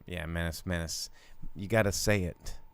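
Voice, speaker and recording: A man's voice: deep voice, steady tone, normal speed, smooth. A man co-hosting a podcast, chatting casually and joking, rambling with lots of fillers. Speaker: podcast co-host. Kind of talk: casual chat.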